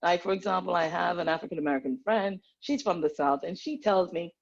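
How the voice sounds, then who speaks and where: A woman from Nigeria who works as a medical practitioner speaks as a panelist on a video call. She talks earnestly and animatedly, in a fairly low register. The sound is dull and lo-fi, as over a call. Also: fairly quick, gravelly.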